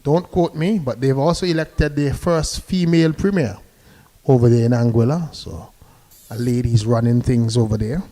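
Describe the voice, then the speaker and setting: Calling the cricket at a normal speed, this male commentator has a warm, mellow tone and middling pitch. He keeps things chatty and relaxed, greeting listeners with good mornings between balls.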